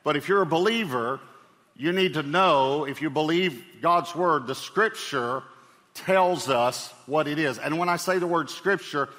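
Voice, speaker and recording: A man's voice: on the high side, unhurried, bright, forceful tone. A man preaching a sermon as pastor, speaking in a conversational way with fillers and light humor. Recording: long hall reverb.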